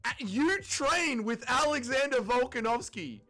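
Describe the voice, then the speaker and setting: A young man, hosting a fight watch-along livestream, mocking and profane, swinging between disbelief and deadpan. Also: extremely high pitch, normal speed, hardly any pauses, faint music behind. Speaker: livestream host.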